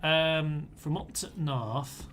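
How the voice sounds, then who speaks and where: A man's voice: on the high side, slow pace, a bit bright, faint music behind. An Englishman streaming a strategy game live, thinking aloud in a chatty way and talking to his own units. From England.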